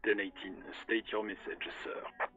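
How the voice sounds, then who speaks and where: A man's voice: lowish voice, little pitch movement, normal speed, pushed and bright, highs cut off. An actor playing an old male police radio dispatcher with a rattly voice and a thick accent, clipping through radio codes. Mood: officious. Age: older.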